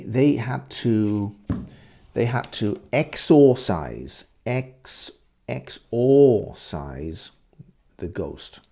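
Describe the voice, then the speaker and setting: A man's voice: fairly low pitch, creaky, dark tone. A man telling a ghost story as an English teacher, often repeating words and explaining vocabulary for learners.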